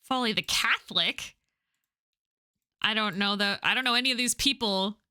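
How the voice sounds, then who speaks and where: Bright-voiced woman streaming a game. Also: mid-range voice, moderate pace, smooth, dry recording, studio quality. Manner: playful, swears casually. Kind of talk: casual let's play commentary, reading game dialogue.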